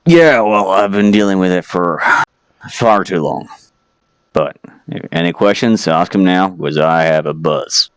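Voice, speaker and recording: A man doing a gravelly, weary cursed old man. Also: sits low, a little slow, no room sound. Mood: exasperated. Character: gruff 51-year-old cursed man in a girl's body.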